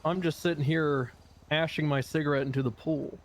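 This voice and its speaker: Dry-humored man, slightly higher voice. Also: fairly even intonation, fairly quick, slight background noise. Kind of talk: in-character role-play.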